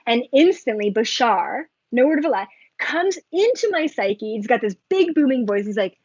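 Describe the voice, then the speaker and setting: A woman talking casually to her viewers as a spiritual vlogger, rambling and excitable, full of filler likes and asides. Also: on the high side, moderate pace, breathy edge, dry recording, highs cut off.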